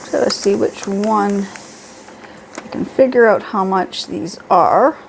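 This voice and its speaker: A woman's voice: mid-range voice, takes it slowly, vocal fry, a little hiss or hum. A middle-aged woman chatting casually at home through a beauty haul, reading prices and labels aloud. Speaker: beauty vlogger.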